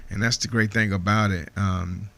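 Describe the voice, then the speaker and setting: Radio host, man in his fifties, low bright voice, loose laughing chat with lots of fillers. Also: fairly even intonation, moderate pace, gravelly, no echo. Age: 50s. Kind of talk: casual radio monologue. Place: radio studio.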